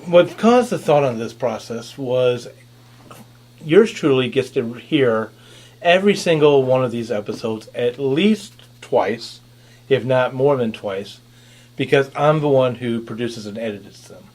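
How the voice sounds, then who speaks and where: A man's voice: medium pitch, animated, measured pace, darkish tone. A man hosting a podcast panel, talking animatedly with sarcastic asides. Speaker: podcast host and producer. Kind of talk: casual panel chat.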